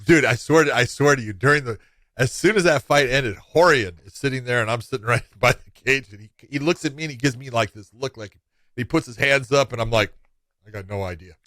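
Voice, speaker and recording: A man co-hosting a sports podcast, talking in an animated, storytelling way and often poking fun at himself. His voice sits at a medium pitch, recorded close and dry with no room sound. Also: a little fast, no echo. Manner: animated storyteller, acts out quotes. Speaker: podcast co-host. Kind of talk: casual sports chat.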